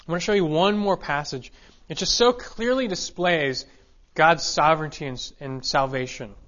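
Male preacher, emphatic and repetitive, slightly higher voice, dull lo-fi sound. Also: moderate pace, fairly bright tone. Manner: emphatic, repeats key phrases, reads scripture aloud. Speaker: pastor. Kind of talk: expository sermon.

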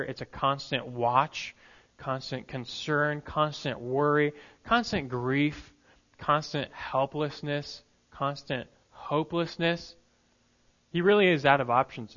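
A male pastor preaching a sermon, emphatic, moving between hushed lines and loud peaks. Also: on the high side, dull audio.

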